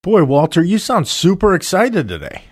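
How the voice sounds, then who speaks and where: A man co-hosting a podcast as a financial advisor, talking in a relaxed, conversational way and explaining things plainly. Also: high voice, moderate pace, no room sound, studio quality. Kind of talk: casual podcast chat.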